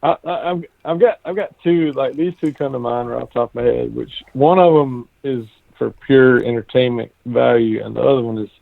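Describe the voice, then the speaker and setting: A man's voice: medium pitch, gravelly, dry recording. A man from the American South talking as a guest hunter in a casual live-stream conversation, with an easygoing storytelling manner full of restarts. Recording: tinny phone-line call.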